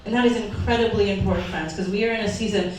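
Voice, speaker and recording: A woman's voice: mid-range voice, steady tone, fast talker, a little mellow, a little hiss or hum. A woman pastor giving an earnest, emotional sermon, her voice sometimes wavering as if near tears. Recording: echoey hall from far off.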